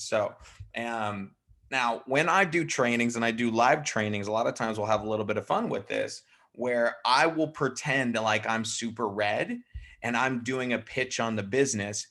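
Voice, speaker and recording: A man leading a live network marketing training, talking in a lively way and slipping into quick put-on voices to act out personality types. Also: medium pitch. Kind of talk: live team training talk.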